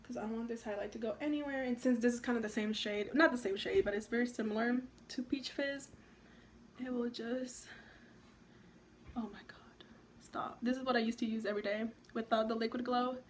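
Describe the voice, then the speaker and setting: A young woman vlogging at home, chatting excitedly and rambling through a makeup tutorial with lots of likes and ums. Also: a little high, quick pace, few pauses, slight background noise.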